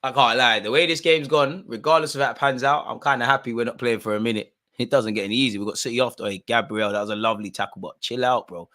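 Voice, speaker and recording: A man, voice bright and sharp-edged, commentating live on a football match for a watch-along crowd. He grumbles low at bad calls, then bursts into loud cheering and yelling at the players, all in casual street slang. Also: fast talker, hardly any pauses. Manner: exasperated, heckling the referee, swings between muttering and shouting.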